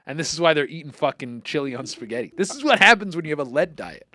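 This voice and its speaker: A male podcast host ranting comedically with heavy swearing, animated and exclamatory. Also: fairly high pitch, quick pace, no echo, clean studio sound. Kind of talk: profane comedic rant.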